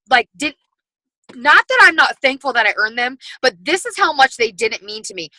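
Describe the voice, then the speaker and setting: Excitable young woman, very bright and dry, motivational call talk. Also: medium pitch, no room sound, poor audio. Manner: effusive, excitable, shouts when reenacting stories. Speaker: guest speaker.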